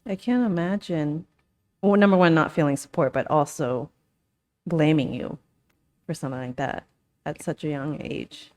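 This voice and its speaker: A woman hosting a podcast interview, asking questions in a gentle, sympathetic way. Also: sits low, moderate pace, pauses often. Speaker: podcast host.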